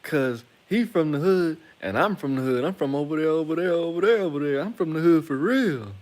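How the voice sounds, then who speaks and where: Man putting on a loud, brassy, high-voiced tough woman from the hood, confrontational. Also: expressive, fairly quick, close to an everyday voice. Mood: indignant. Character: brash tall woman from the hood, loud and defensive.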